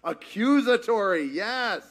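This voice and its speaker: This pastor leads a group discussion in a church teaching session, speaking slowly in a high-pitched, expressive, somewhat bright voice. He jokes around and keeps it interactive by asking the audience questions and echoing what they say.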